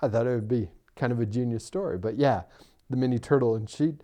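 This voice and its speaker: A man's voice: mid-range voice, fast talker. A middle-aged man co-hosting a podcast in casual chat, telling stories and teasing his friend. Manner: teasing, animated storyteller. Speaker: podcast co-host.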